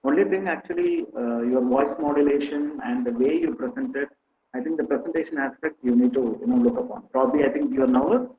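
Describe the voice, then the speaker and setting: A man's voice: mid-range voice, very animated, brisk. A man on a judging panel giving direct, coaching feedback to a student. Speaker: panel judge. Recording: echoey phone-like call.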